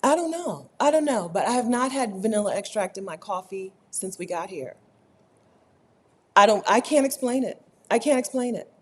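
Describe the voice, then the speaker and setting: Woman, husky, lively pitch, chatty, animated, casual vlog talk. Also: normal speed. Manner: chatty, animated, keeps asking "right?". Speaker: vlogger. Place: rented apartment.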